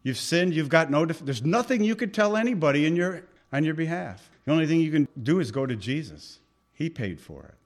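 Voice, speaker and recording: A man preaching a conversational sermon, reading scripture aloud with force and dropping into soft asides. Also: fairly high pitch, brisk. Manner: animated, swings between loud reading and soft asides.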